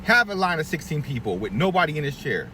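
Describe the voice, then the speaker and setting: A middle-aged barbershop owner rants to the camera in a blunt, profane, preachy way, with his pitch jumping up and down a lot. He sounds a bit far from the mic, with faint traffic noise behind him. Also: sing-song, fast, pushed and bright. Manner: blunt, profane, preachy, acts out quoted voices. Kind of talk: candid advice rant to camera.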